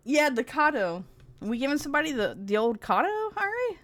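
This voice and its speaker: A woman's voice: high-pitched, very animated, brisk, a bit bright, a little hiss or hum. A woman streamer in casual, sarcastic livestream commentary, rambling and giggling often.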